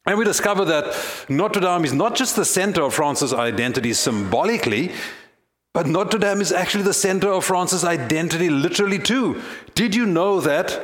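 A man's voice: a little high, a bit bright, roomy sound. Earnest male pastor preaching. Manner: earnest, storytelling, building to emphasis. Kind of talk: sermon.

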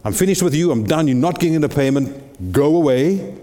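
A man's voice: fairly high pitch, lively intonation, fairly quick, mellow, lightly acted. A man voicing a furious, frustrated male king in a Bible story, speaking in exasperated outbursts. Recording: long reverb in a big hall.

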